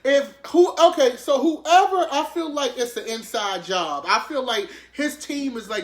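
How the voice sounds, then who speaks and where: A man giving casual, profane, sassy commentary on the news, swinging up into shrieking highs when worked up. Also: expressive, moderate pace, few pauses, roomy sound. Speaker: commentary vlogger.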